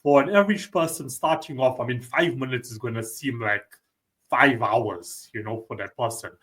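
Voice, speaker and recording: A man's voice: mid-range voice, normal speed, a bit bright. A man hosting a podcast, talking loosely and often filling with "you know" and "like". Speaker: podcast host. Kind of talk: casual chat.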